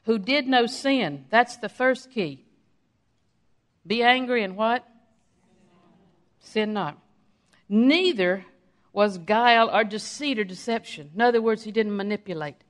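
A woman's voice: a little high, lively intonation, a little slow, pauses often. A middle-aged woman giving a sermon in a conversational way, acting out quotes of her own everyday talk. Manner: conversational preaching with acted-out quotes of herself. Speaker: preacher.

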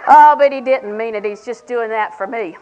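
A woman's voice: fairly high pitch, noisy background. An older woman preaching a sermon in a folksy, humorous way, acting out little conversations. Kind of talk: sermon to a women's audience.

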